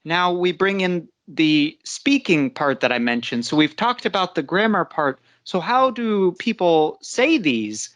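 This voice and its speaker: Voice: mid-range voice, very animated, measured pace, few pauses, fairly bright tone, no room sound. An English teacher giving a live online lesson, explaining patiently and often restarting sentences.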